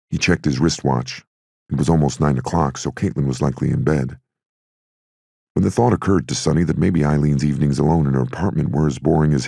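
Male audiobook narrator, steady and measured, extremely low, dark voice with husk, dry close recording. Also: vocal fry, husky, no room sound.

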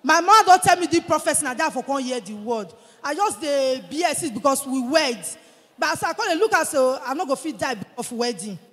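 A woman in her forties with a Nigerian Pidgin English accent gives her testimony in church. She tells her story with lively energy and acts out the voices of the people in it. Her voice carries a long reverb from the church hall. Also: sits high, brisk. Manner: animated storytelling, acting out what others said. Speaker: church member giving a testimony.

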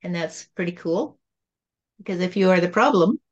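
A woman channeling God as a calm, patient spirit, speaking in a gentle, repetitive teaching tone. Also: lowish voice, moderate pace, lo-fi sound.

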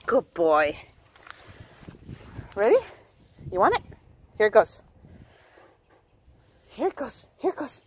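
A woman's voice: medium pitch, sing-song, takes it slowly, long pauses, a little hiss or hum. A woman filming her puppy outdoors, coaxing and praising him in a sing-song voice. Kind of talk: casual talk to a dog.

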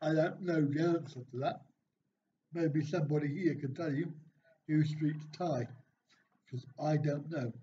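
A man hosts a casual live stream, reading out viewers' jokes and questions from the chat and answering with dry, self-mocking remarks. His voice sits a little high. The sound is dull and lo-fi, with a faint hiss underneath. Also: a little slow, pauses often, mellow. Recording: dull, slightly lo-fi stream audio with faint noise.

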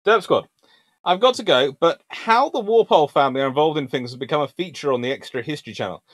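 A chatty man with a slightly high voice gives a casual history talk, his pitch bouncing up and down as he lists ships and greets his audience. The sound is close and dry, with no room echo. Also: fast talker. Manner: lively and chatty, reading names in a sing-song list. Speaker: naval historian hosting a livestream. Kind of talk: casual lecture reading ship lists and answering chat.

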